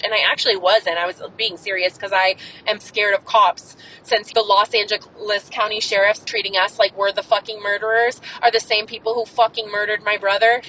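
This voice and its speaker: A woman's voice: mid-range voice, pushed and bright, slight background noise, poor audio. A young adult woman hosting a podcast, delivering an angry, profane, emphatic monologue. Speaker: podcast host. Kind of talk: impassioned monologue.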